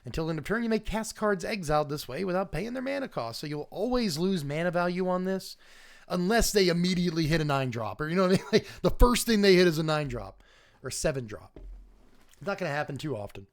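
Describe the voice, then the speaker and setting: A man hosts a relaxed livestream review in a bright, slightly higher voice. His pitch bounces up and down as he chuckles and talks back to his viewers. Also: fast talker. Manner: animated, chuckling, chatting with viewers. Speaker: host. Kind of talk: casual livestream card review.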